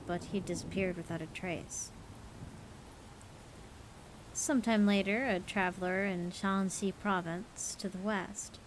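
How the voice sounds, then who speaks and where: A woman streaming, reading folk stories aloud in a relaxed, playful way. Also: on the low side, a little hiss or hum, rough recording. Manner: casual, playful, tired late in the stream. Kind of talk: storytelling livestream.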